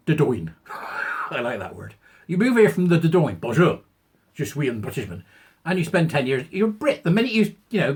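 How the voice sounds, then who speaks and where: Husky, sneering English man. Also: on the high side. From England. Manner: mocking, sarcastic, laughs at own jokes. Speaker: online commentator. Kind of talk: ranting commentary.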